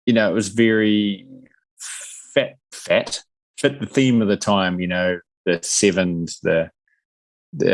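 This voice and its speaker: A man's voice: low voice, creaky, no room sound. A man in his forties co-hosting a casual film review podcast, with dry, sarcastic, self-mocking humor. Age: 40s. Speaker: podcast co-host.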